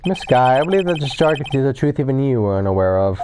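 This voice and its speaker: A man's voice: medium pitch, very animated, fast, background noise. A man reading courtroom game dialogue aloud with dramatic emphasis as a let's play. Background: game music.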